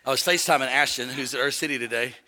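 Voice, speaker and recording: An older man preaching a sermon, telling a family story with call-and-response and shouts at the high points. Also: racing, big-room sound. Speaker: pastor. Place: church sanctuary.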